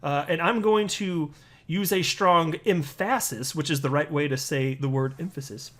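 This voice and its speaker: A man talks through his crypto commentary in a blunt, scornful way, often restarting his sentences. His voice sits a little higher than most men's. He delivers it as a casual monologue. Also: fairly even intonation, normal speed, a bit bright.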